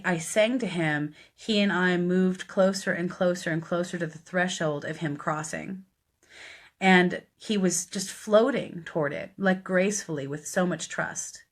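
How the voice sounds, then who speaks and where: A woman's voice: fairly low pitch, a little slow. A woman, a death doula, earnestly telling a personal story on a live stream, chatty and full of fillers. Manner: earnest, conversational, many fillers.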